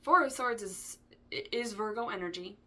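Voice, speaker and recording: A woman's voice: medium pitch, normal speed, bright, forceful tone. A woman giving a casual tarot reading, chatty and digressive, with frequent ums and asides. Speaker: tarot reader.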